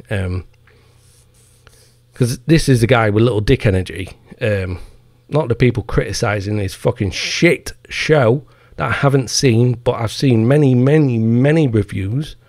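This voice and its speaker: A man's voice: mid-range voice, creaky, darkish tone, dry recording, studio quality. A man hosting his own podcast, delivering a heated, profane rant with mocking asides. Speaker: podcast host. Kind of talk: casual solo podcast rant.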